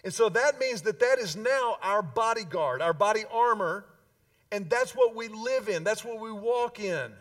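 High-voiced pastor preaching from afar. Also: male voice, lively intonation, a bit bright, far from the mic. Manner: emphatic preacher with dramatic pauses and slowed key phrases. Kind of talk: sermon.

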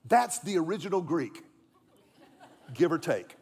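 Lively high-voiced male pastor. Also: measured pace, husky, some chatter behind. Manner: animated, conversational, self-deprecating humor. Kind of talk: sermon.

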